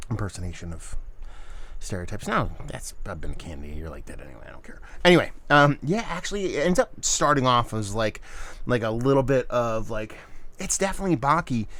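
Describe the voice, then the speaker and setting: A man reviewing beer for his channel in a relaxed, chatty way. He talks loosely and with enthusiasm, full of slang, at a middling pitch. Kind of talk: casual video review.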